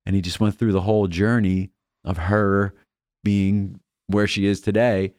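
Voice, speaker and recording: A man's voice: sits low, unhurried, dry recording, clean studio sound. A man co-hosting a faith reflection show, telling a story in casual chat and acting out the voices of the people in it. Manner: animated storyteller, acts out quoted voices, restarts often.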